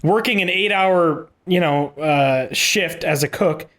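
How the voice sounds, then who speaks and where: A man's voice: a little high, slow, fairly bright tone. A young man co-hosting a casual podcast, sarcastic and blunt, swearing freely. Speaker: podcast co-host. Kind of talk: casual chat.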